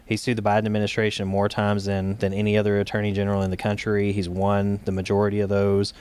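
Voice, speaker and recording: Low-voiced man telling a story. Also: monotone, fast talker, a little mellow, clean tone, no room sound. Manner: talks in loose runs with frequent fillers and restarts. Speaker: guest, state director of a gun rights group. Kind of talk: casual interview storytelling.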